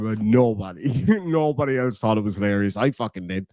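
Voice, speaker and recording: A man's voice: on the low side, expressive, fairly quick, darkish tone, no echo, clean studio sound. Crude, joking Irish man streaming. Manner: crude, joking, insults freely. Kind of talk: casual live-stream chat.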